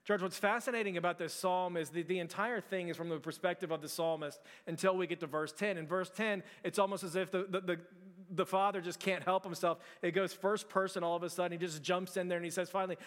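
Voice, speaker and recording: A man's voice: high voice, steady tone, fast, hardly any pauses, a bit bright, in a large hall. A male pastor preaching a conversational sermon, with frequent restarts and fillers.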